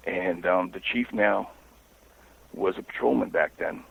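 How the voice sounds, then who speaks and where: A low, gravelly man speaks over a tinny phone line. He is an investigative author on a phone-in interview. His storytelling is halting and wry, with a husky edge.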